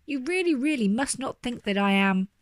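A woman doing a polite, gentle toy bear. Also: fairly high pitch, expressive, moderate pace, no echo, voice pushed up, natural voice. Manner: formal, courteous.

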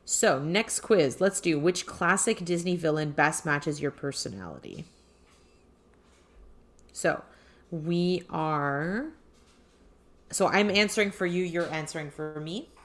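A woman's voice: sits low, lively intonation, takes it slowly, long pauses. A woman co-hosting a podcast, chatting casually and reading out quiz options one by one. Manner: reads quiz options aloud in a list. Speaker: podcast co-host. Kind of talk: casual chat.

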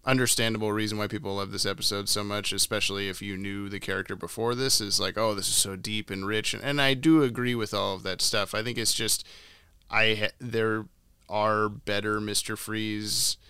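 Bright, clear-voiced man chatting casually. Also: on the low side, flat delivery, moderate pace, no echo. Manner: laughs often, tries funny voices. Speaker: podcast co-host. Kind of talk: casual chat.

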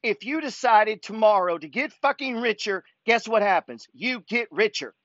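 A man's voice: sits high, animated, moderate pace, fairly bright tone, no room sound, lo-fi sound. A man hosting a money talk show, ranting in a fired-up, pushy way and swearing constantly as he reads follower emails. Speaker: host reading follower emails. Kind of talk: profane motivational rant.

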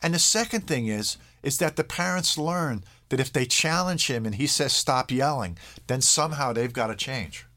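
Guy explaining parenting stuff in an interview, chatty, does little voices of kids and parents, average pitch. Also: expressive, pushed and bright. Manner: conversational, acts out quick quoted lines of kids and parents; checks in with "all right?". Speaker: parenting expert.

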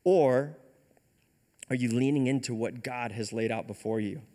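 A man's voice: medium pitch, measured pace, mellow. A man preaching a casual retelling sermon, conversational and often checking in with "right?". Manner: conversational, keeps asking "right?". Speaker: pastor.

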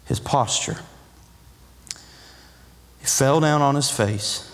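A man's voice: medium pitch, slow, long reverb tail. A man preaching a sermon as pastor, building emphasis through repeated phrases and acting out quotes from his congregation. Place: church sanctuary.

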